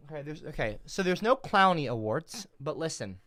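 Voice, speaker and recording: A man's voice: a little high, sing-song, moderate pace, a bit bright, slight background noise. A man live streaming, reading and answering his chat in a rambling, profane, exasperated rant.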